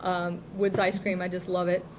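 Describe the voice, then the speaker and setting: A woman's voice: on the low side, completely flat delivery, normal speed, a little hiss or hum, low-quality recording. A middle-aged woman co-hosting a local TV talk show, telling rambling childhood stories in casual chat and often laughing. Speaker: co-host. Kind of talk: casual chat, personal storytelling. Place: local TV studio.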